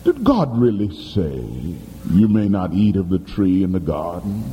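Brief: male preacher doing a slow, sinister-smooth devil voice, low and dark, echoing through a big hall. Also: sing-song, lo-fi sound, a little hiss or hum. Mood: sly coaxing. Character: smooth, sly male devil coaxing in disguise.

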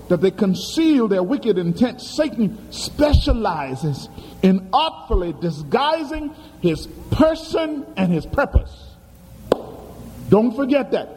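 A male pastor preaches with dramatic emphasis, his voice swooping from high to low. The tone is mellow and dark, and it carries through an echoey hall over faint background ambience. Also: lively intonation, normal speed, slight background noise. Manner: dramatic, emphatic, questions the congregation. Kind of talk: sermon.

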